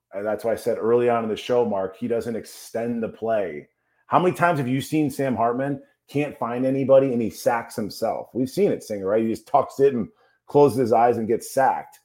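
A man's voice: medium pitch, a little mellow. Man, sports talk co-host, fired up, ranting. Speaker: co-host, former player.

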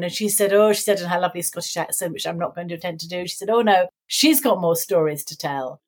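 A woman's voice: fairly low pitch, expressive, quick pace, few pauses. A middle-aged woman, an author, talking casually in an interview, with frequent tag questions and light laughs. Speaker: author guest.

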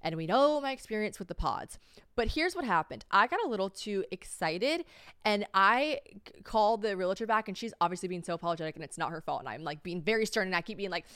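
Young woman podcast host, rambling storyteller, smooth and close-miked. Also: medium pitch, expressive, fast talker, fairly bright tone, dry recording. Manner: rambling storytelling, acts out quoted voices. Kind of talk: casual chat.

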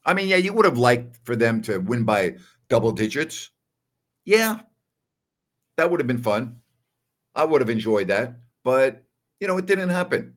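A man's voice: medium pitch, big pitch swings, moderate pace, pauses often. A man from New York hosting a solo basketball postgame livestream in a casual, emphatic way, often repeating himself. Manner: emphatic, repeats "all right" a lot. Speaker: host of a basketball postgame show.

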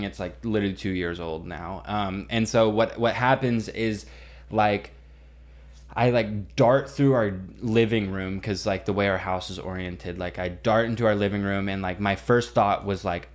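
Young man telling a story, lowish voice. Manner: animated, swearing, heavy use of "like". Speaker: podcast co-host. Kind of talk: casual storytelling chat.

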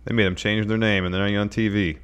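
A low-voiced man co-hosting a casual chat. He reads out chat messages and answers in a laid-back, dry way. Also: little pitch movement, a little fast, a bit bright, a little hiss or hum. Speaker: podcast co-host.

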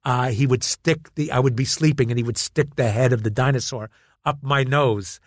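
A man, a guest actor, telling stories in casual chat, animated, repeating words and acting out quotes. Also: medium pitch, normal speed, dry recording, clean studio sound.

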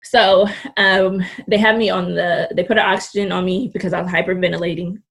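A woman's voice: fairly low pitch, steady tone, a little fast, creaky, breathy edge. A young woman in her twenties, a podcast guest, telling a story in casual, candid, blunt talk and swearing freely. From California Bay Area.

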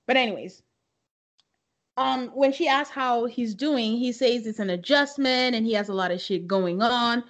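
A woman co-host talks through a show's scenes in a casual, dramatic way and slips into slang. Her voice sits fairly high. She tells it like gossip between friends. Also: normal speed. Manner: animated, dramatic retelling with acted-out quotes. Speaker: podcast co-host. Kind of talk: casual chat recapping a reality show.

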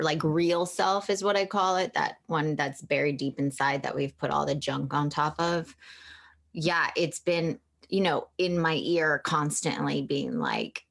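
Woman author on a podcast, kinda low voice, open and personal. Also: gravelly. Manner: open and emotionally candid. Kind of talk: candid interview talk.

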